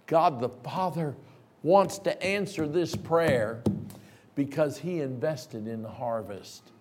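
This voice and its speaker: A middle-aged man preaching a sermon, telling a story and acting out the voices in it, sometimes shouting. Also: a little high, slow pace, a little hiss or hum. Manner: animated, acts out voices and shouts in stories.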